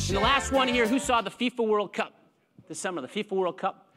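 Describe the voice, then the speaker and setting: A man's voice: sits high, fast talker, over loud music. A man giving a live motivational talk to a conference audience, upbeat and leading them in clapping to rhythm. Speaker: keynote speaker.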